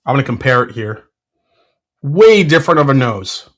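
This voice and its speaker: Male host, casual tasting talk, gets fired up, mid-pitched, lots of ums. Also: normal speed. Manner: excitable, blurts sports trash talk; frequent fillers and self-corrections. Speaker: whiskey reviewer, show host.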